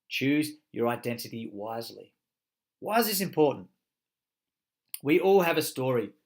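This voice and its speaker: This man's voice is gravelly and medium-pitched. Teaching a motivational coaching course, he hammers his points home with plenty of swearing and a stream of rhetorical questions.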